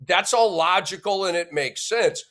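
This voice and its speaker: In a high-pitched, slightly bright voice at a moderate pace, a male sports podcast host rants with strong opinions and plenty of emphasis. He caps his points with a questioning "okay?" and is blunt and insulting toward those who criticize him.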